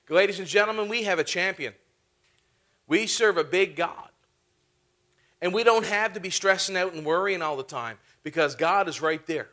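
A man's voice: sits high, normal speed, pushed and bright. A man preaching a sermon, telling a funny story and laughing often as he talks. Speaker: pastor.

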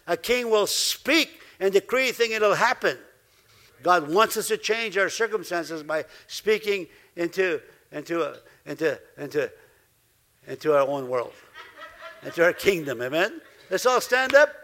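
High, bright-voiced man preaching a sermon. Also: unhurried. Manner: lively, laughing asides, acts out quoted voices. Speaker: pastor.

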